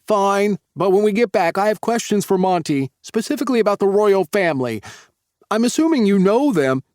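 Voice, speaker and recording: A man voicing an exuberant, excitable young man who squeals and gushes. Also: moderate pace, no echo, clean studio sound. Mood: eager. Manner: shrill, squealing, gushing.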